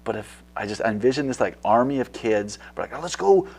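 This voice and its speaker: A man's voice: lowish voice, fairly even intonation, a little fast, a little mellow. A man talking as a guest in a casual interview, eager and rambling with many fillers.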